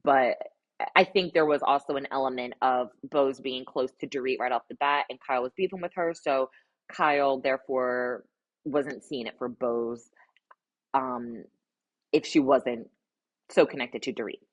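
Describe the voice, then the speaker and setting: A woman's voice: a bass voice, expressive, a little slow, dull audio. A young adult woman giving a casual, sassy recap of a reality show with exasperated asides. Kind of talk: casual commentary.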